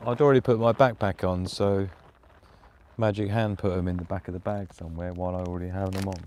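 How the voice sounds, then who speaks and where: A man's voice: low voice, steady tone, quick pace, a little mellow, a little hiss or hum. A man live-streaming casual chat outdoors in the woods at night, laughing often and cooing at his dog. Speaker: prepper vlogger.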